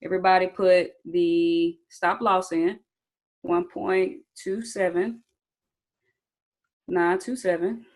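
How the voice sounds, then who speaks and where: A woman's voice: fairly low pitch, steady tone, slow, pauses often, a little mellow, poor audio. A young woman leading a live online training session, talking casually and checking in with her viewers often. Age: young adult. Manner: casual, chatty, addresses viewers as "you guys" and "y'all"; checks in often with "okay?" and asks for chat answers. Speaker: trading instructor.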